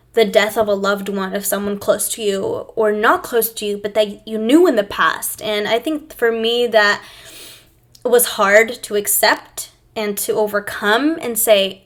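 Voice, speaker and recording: A young woman hosting her own video, talking to camera in a reflective, emotional way, with pauses and restarts. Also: medium pitch. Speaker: host. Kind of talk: personal talk to camera.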